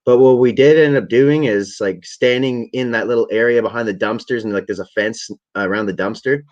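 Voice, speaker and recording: A young man from the Ottawa area telling a long, profane story in a relaxed, rambling way to a camera at home. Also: mid-range voice, brisk. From Ottawa area, Canada. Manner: rambling, profane, laid-back. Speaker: vlogger. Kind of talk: casual storytelling. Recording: dull lo-fi webcam audio.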